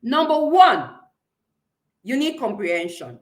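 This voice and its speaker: A woman's voice: a little high, big pitch swings, slow. A woman with a Nigerian accent teaching a live online public speaking class, encouraging listeners and repeating key points.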